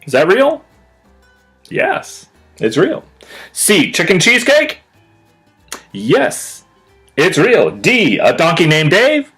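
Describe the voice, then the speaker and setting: A children's author reads his picture book aloud in an animated, unhurried voice that swings widely in pitch. He lingers on words for emphasis and stops to explain things to young listeners in a friendly, chatty tone. Soft music plays faintly underneath. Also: breathy edge.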